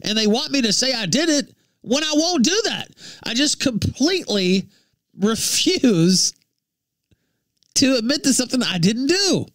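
A man from Memphis, ranting profanely on his livestream, jumping between shouts and low mutters. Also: very animated, moderate pace, no echo, studio quality. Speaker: livestream host.

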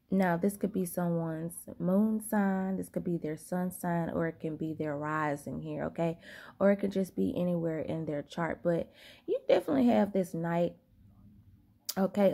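A woman's voice: fairly low pitch, creaky, mellow, slightly rough. A woman giving a casual tarot reading late at night, sleepy and yawning, drawling and peppering her talk with "okay?" and "y'all". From Southern United States. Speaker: tarot reader.

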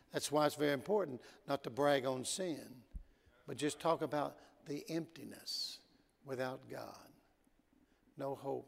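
A man preaching a sermon in a church, telling stories and swinging between loud emphasis and quiet asides. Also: medium pitch, measured pace, vocal fry. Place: church sanctuary. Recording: long church hall reverb.

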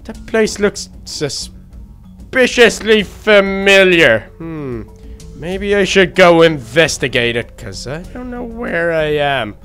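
A man voicing a timid, excitable young male baby duck in a game role-play, gasping and easily frightened. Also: a little high, slow, clear, resonant tone, faint music behind, full character voice. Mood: scared. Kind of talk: Minecraft role-play narration.

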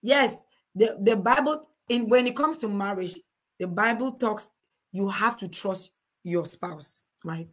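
A husky-voiced, middle-aged woman talks marriage and faith. Her delivery is earnest and preachy, built on rhetorical questions she answers herself. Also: mid-range voice, a little slow. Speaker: co-host of a couples talk show. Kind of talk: preachy advice talk to a live chat.

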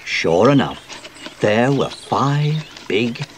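A man reading a children's storybook aloud, with a slow, expressive delivery. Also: medium pitch, slight background noise. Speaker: audiobook narrator.

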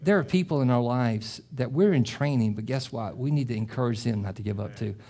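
A middle-aged man preaching a sermon as pastor. He talks with passion, often repeats and restarts phrases, and climbs to loud, emphatic peaks. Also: medium pitch, fairly quick. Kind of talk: sermon with closing prayer.

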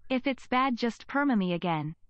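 A text-to-speech woman's voice reading out viewer donation messages in a flat synthetic manner. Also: fairly high pitch, normal speed, lo-fi sound.

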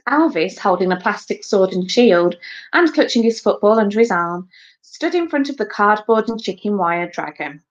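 A woman teacher reading a children's book aloud in a slow, expressive storytelling manner, in a dull lo-fi recording. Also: mid-range voice. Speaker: primary school teacher.

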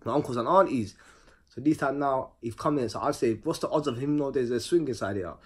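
A man spins a casual storytime monologue in a husky, mid-pitched voice at a fairly quick pace. His delivery is animated and packed with street slang and rhythmic repeated words.

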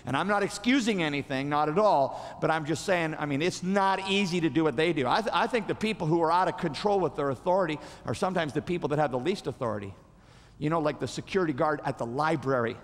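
Animated preacher with a higher voice. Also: male voice, fast talker, big-room sound. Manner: animated, conversational, often restarting words. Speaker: pastor. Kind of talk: sermon.

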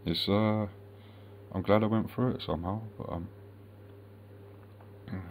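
A man's voice: on the low side, steady tone, unhurried, phone-quality sound, noisy background. A man from the United Kingdom rambling in a vlog monologue, swearing constantly and muttering asides to himself.

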